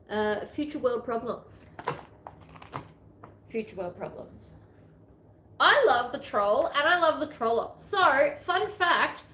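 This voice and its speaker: Australian woman, sewing vlogger, higher voice, chatty and self-mocking, echoey room. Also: fairly bright tone. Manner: chatty, self-deprecating, rambling asides. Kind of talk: casual sewing tutorial chat. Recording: echoey room with faint ambient noise.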